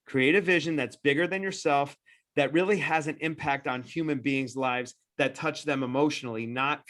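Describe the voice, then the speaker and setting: A man presenting as a dental practice-growth consultant in a webinar, pitching persuasively in quick bursts with frequent restarts. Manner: persuasive, animated sales-style pitching.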